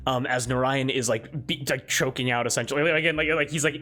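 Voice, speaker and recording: A man's voice: mid-range voice, steady tone, fast, hardly any pauses. A man narrating a tabletop game as game master, in a casual manner with frequent ums. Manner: casual, filler-heavy narration. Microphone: own microphone. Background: soft background music.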